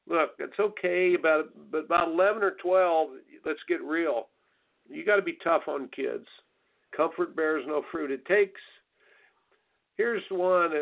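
A gravelly, somewhat high male voice takes its time, coming through with tinny phone-line sound. The speaker, an American tennis coach who hosts radio, dispenses blunt, folksy, preachy coaching advice and mocks soft attitudes in sing-song asides.

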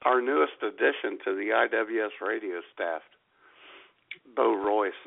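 A man's voice: on the low side, a little slow, creaky. A man hosting an internet radio show in casual chat, with wry, teasing interjections. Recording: tinny phone-like line.

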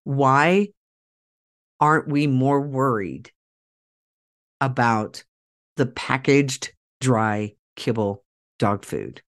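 A woman's voice: extremely low pitch, very slow, long pauses. A woman hosting a podcast, talking straight to her listeners in a persuasive monologue, emphatic and repeating key phrases for force. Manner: direct address to listeners, rallying tone. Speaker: podcast host.

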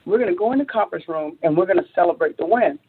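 Very husky woman telling a story. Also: rapid-fire. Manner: acts out quotes, climbs high when excited, many restarts. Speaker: entrepreneur guest. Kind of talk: animated storytelling in an interview. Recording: phone-like narrow audio.

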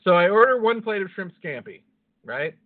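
This man co-hosts a podcast, spinning a rambling story in a laid-back chat while swearing nonstop and laughing at his own jokes. He's high-pitched and very animated, speaking at a moderate pace. The sound quality is phone-like and lo-fi.

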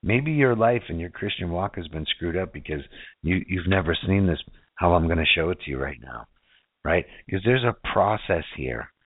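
Male preacher, low register, informal and questioning delivery; dry, lo-fi phone-quality audio. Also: expressive, normal speed, husky, dry recording. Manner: casual, keeps asking "right?" and rhetorical questions. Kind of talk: sermon. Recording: tinny phone-like dry sound.

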